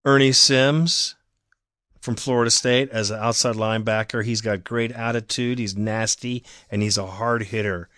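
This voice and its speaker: A man delivering an opinionated sports fan monologue, heated and ranting, swinging from calm talk to raised outbursts. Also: medium pitch, moderate pace, dry recording, studio quality.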